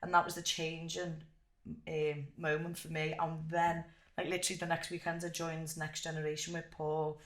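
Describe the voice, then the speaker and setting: A young woman, chatting as an interview guest and telling stories in an animated way with plenty of swearing. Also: deep voice, moderate pace. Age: young adult. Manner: animated storyteller, swears freely. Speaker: guest fighter. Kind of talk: casual interview chat. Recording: echoey room.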